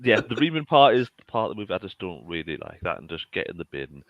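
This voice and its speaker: A man's voice: deep voice, very animated, quick pace, dry recording, dull audio. Stammering man on a dry podcast mic. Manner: stammering, self-mocking. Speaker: podcast guest. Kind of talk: casual chat.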